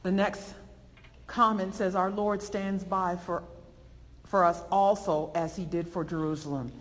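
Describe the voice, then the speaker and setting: A woman preaching a sermon and teaching a Bible lesson, animated and emphatic, her voice rising with feeling. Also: lowish voice, a little slow, big-room sound.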